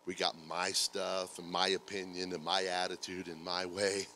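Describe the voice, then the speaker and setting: A male pastor preaching a sermon, swinging from hushed, stammering storytelling to loud, shouted praise. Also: sits low, completely flat delivery, moderate pace, slight background noise, poor audio. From United States. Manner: stammering restarts when storytelling. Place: church sanctuary.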